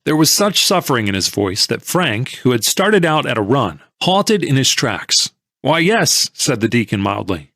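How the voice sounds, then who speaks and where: Man, audiobook narrator, first person, lively pitch, dry close sound. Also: gravelly, dry recording. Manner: measured, conversational storytelling.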